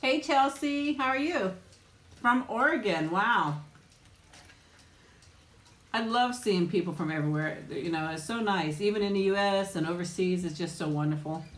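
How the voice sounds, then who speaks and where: A woman's voice: lowish voice, normal speed, roomy sound. A woman hosting a casual mukbang live chat, greeting viewers by name with ums and little laughs. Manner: chatty, warm greetings, frequent laughs and ums. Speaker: mukbang livestream host.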